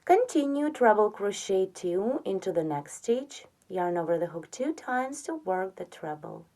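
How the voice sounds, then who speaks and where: Slow, patient woman teaching crochet. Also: medium pitch, sing-song. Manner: slow, patient, counts stitches aloud softly. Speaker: crochet instructor. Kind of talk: step-by-step tutorial narration.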